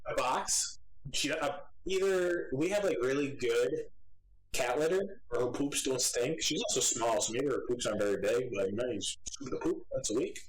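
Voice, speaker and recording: A podcast co-host with a medium-pitched voice tells stories at a moderate pace in casual, profane chat, animated as he goes. The recording quality is low.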